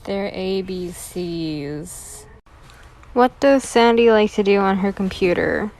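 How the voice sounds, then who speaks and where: A woman's voice: mid-range voice, sing-song, takes it slowly, a little mellow, slight background noise, rough recording. A woman reading corny jokes aloud and groaning at her own puns. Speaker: joke teller.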